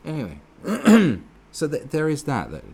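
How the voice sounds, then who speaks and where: Gravelly, sweary man ranting. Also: fairly high pitch, huge pitch swings, measured pace, darkish tone. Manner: sweary, sarcastic, rambling with many restarts. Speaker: political commentator. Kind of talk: ranting monologue.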